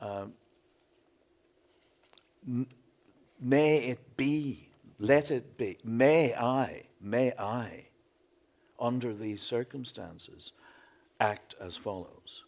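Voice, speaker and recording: Slow gravelly-voiced man on a panel. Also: medium pitch, a little mellow. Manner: slow, deliberate, measured phrasing. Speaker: panelist poet. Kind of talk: panel discussion.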